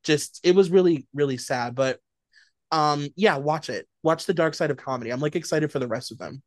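A man co-hosting a casual pop culture chat, talking in an animated way and packing his sentences with filler words. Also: on the high side, a little fast, no room sound, studio quality. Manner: chatty, many "like" fillers, animated storytelling. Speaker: podcast co-host.

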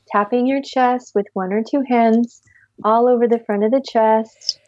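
A woman guiding a tapping session with calm step-by-step instructions, sighing deeply between phrases. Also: no room sound, rough recording. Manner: calm step-by-step instructions, leading group repetition. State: deep audible sighs and yawns between phrases. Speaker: tapping practitioner. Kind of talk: guided tapping session with breathing.

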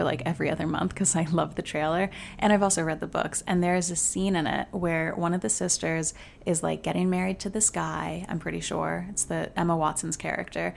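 A woman's voice: deep voice, vocal fry. A woman hosting her own podcast, talking casually and filling her speech with "like"; she calls herself hot-headed and fiery. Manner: chatty, many filler "like"s. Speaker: podcast host. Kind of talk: casual solo podcast advice. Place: home closet.

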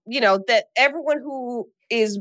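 A woman with a slightly high voice recaps a film for her podcast, talking casually and lively as she acts out the characters' lines. The sound is close and dry, with no room around her. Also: moderate pace, no echo. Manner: animated retelling with acted quotes and laughs. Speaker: podcast co-host.

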